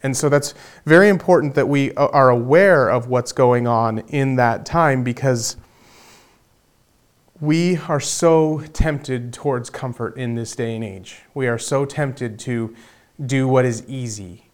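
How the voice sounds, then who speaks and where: A man's voice: medium pitch, measured pace. A man preaching a sermon as pastor, earnest, often repeating words as he builds to emphatic points.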